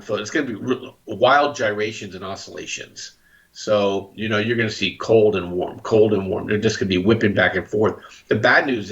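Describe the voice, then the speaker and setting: Low-voiced man discussing markets, lo-fi. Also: fairly bright tone. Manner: conversational, restarts and fillers, explains trades plainly. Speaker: market show host. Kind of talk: casual market commentary. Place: Southern California.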